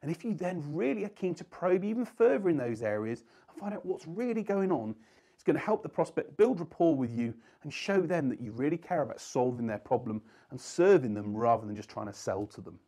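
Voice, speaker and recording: A male sales trainer explains his method in an earnest coaching manner, pressing on the important words. His pitch moves up and down a lot as he talks. The voice sounds mellow, with a slightly husky edge. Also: very animated, a little fast. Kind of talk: instructional talk to camera.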